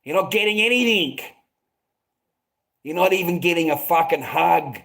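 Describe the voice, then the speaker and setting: A man's voice: a little high, expressive, moderate pace, gravelly, fairly bright tone. An Australian man hosting a livestream, giving blunt advice to viewers and swearing constantly while calling them mate. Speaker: livestream host. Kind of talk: casual livestream chat answering viewers.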